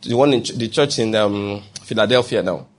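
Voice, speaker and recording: A man's voice: on the low side, normal speed. A man preaching a sermon in a conversational way, acting out quoted voices and often checking that listeners follow. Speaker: pastor.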